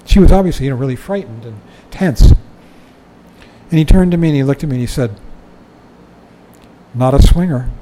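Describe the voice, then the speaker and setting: In a rough recording, an older man delivers a dharma talk, reading from a book and remarking on it conversationally with frequent chuckles and "you know"s. His mid-range, mellow voice is animated and brisk.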